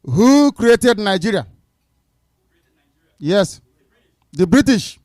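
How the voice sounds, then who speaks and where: A man's voice: on the high side, moderate pace, a little mellow, clean studio sound. A man speaking at a town hall debate, firm and insistent, repeating short commands. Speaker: movement leader addressing a town hall.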